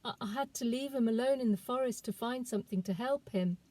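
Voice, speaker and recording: A woman's voice: on the high side, fairly quick, warm tone, no room sound, voice pushed up, close to an everyday voice. A woman reading the lines of a determined young village girl on a desperate journey, in an urgent, pleading voice.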